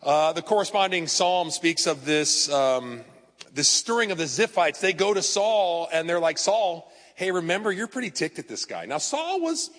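A man's voice: on the high side, a bit bright. A male pastor preaching a sermon in a conversational, storytelling way, talking straight to his congregation. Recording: long hall reverb.

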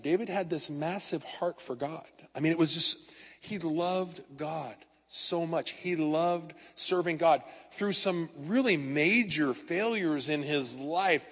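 A man preaching a sermon with a voice pitched a little above the usual for a man. He tells stories in a conversational way and talks straight to the congregation. His voice carries a long reverb, like the sound of a church sanctuary. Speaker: pastor.

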